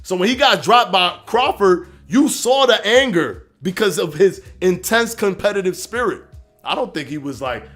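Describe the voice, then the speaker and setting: A man hosting a live stream, arguing his points and answering chat comments in a casual, animated way. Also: high voice, normal speed, faint music behind. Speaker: livestream host reading chat.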